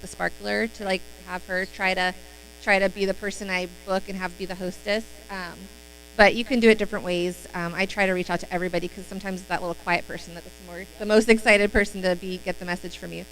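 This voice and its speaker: Chatty woman trainer, upbeat and bright, rambles with fillers while coaching. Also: mid-range voice, slight background noise, low-quality recording. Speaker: sales team trainer. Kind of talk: casual training talk on a live stream.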